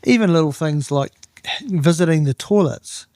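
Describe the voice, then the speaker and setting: Kiwi bloke yarning away, bit higher voice, dry close sound. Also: male voice, normal speed, no room sound. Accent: New Zealand. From New Zealand. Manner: animated anecdotes, acts out other people's voices. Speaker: guest, turf manager. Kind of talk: casual storytelling chat.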